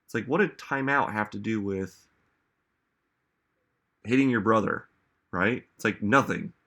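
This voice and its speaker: Male motivational speaker, slightly low voice, relaxed talk that turns emphatic with questions to the audience. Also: measured pace. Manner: conversational, frequent "like" and "right?". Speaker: self-help speaker.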